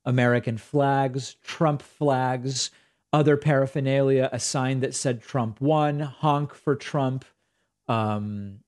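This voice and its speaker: A man's voice: mid-range voice, a little mellow. A man hosting a political talk show, giving opinionated commentary in a sarcastic, conversational way with loose asides.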